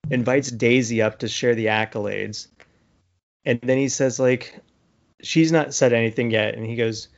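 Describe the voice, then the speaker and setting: A man's voice: mid-range voice, moderate pace, gravelly, lo-fi sound. Chatty man recapping an episode. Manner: animated retelling with acted-out quotes, many fillers. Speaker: podcast co-host. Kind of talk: casual chat recapping a TV episode.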